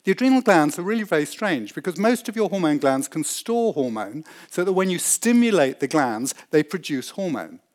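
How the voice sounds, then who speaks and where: A man with a fairly high voice lectures on science to a live audience. He explains with open enthusiasm and slips into little acted voices when he tells an example. His delivery is lively and easy to follow. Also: normal speed, few pauses. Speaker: researcher giving a talk.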